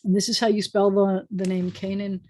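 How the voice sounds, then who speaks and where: A woman's voice: medium pitch, flat delivery, fairly quick, a little mellow. A woman rabbi teaching a beginners' Hebrew class over a video call, chatty and often correcting herself as she draws the letters. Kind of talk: online class lesson.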